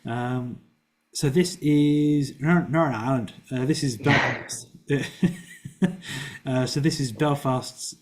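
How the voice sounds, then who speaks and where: A man's voice: mid-range voice, slow pace. A man teaching a flight lesson over a video call, explaining patiently step by step with small fillers. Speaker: flight instructor. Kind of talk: casual online flying lesson.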